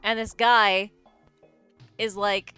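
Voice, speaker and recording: Over soft background music, a young woman from the US speaks very slowly at medium pitch, her tone clean with no room sound. As a streamer co-host chatting casually during gameplay, she tells animated stories, laughing often and using many fillers.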